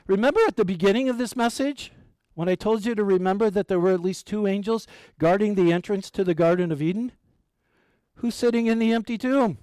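A man preaching a sermon as pastor, animated, asking his listeners questions and dropping to a near hush for emphasis, with light humor. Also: high-pitched, clean tone, dry recording. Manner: light humor with an occasional chuckle.

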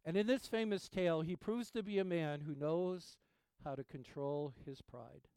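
A male pastor preaching a sermon in an earnest, emphatic way, trailing off quietly at the ends of phrases. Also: a little high, moderate pace, smooth, dry recording.

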